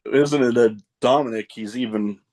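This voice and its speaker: A man's voice: mid-range voice, normal speed, a little mellow. A man hosting a podcast in a casual interview chat. He laughs often and wanders into rambling asides. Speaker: podcast host.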